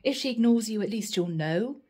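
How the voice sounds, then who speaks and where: Woman doing an annoyed pushy male friend, exasperated, mellow low tone. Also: lively intonation, fairly quick. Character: impatient, annoyed male friend urging action.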